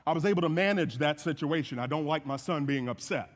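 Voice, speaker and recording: A man's voice: on the high side, fast talker, few pauses. Man preaching in an echoey hall. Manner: animated storytelling with folksy asides. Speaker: guest speaker. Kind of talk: sermon. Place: church sanctuary.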